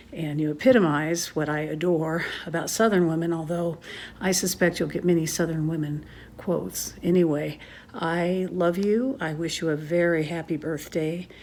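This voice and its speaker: Earnest woman, lower voice, heartfelt. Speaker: sister giving a birthday greeting. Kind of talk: casual video greeting.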